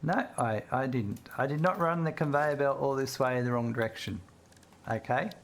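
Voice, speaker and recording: A man's voice: mid-range voice, moderate pace, a little hiss or hum. A man chatting casually with viewers while streaming a video game, reading chat aloud and laughing easily.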